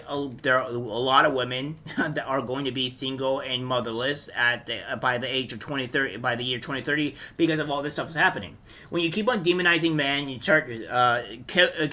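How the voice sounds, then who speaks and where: A man vlogging an opinion monologue, halting often with fillers and restarts. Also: fairly high pitch, bright, forceful tone. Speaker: political commentary vlogger.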